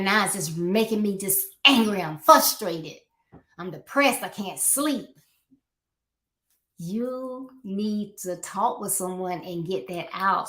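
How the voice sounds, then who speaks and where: Woman, podcast host, earnest motivational talk, rhetorical questions, echoey room. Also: medium pitch. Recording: roomy echo.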